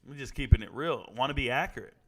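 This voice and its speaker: A man's voice: medium pitch, fast talker. A man reacting live to fight night in casual stream chat, joking, rambling and reading viewer comments aloud.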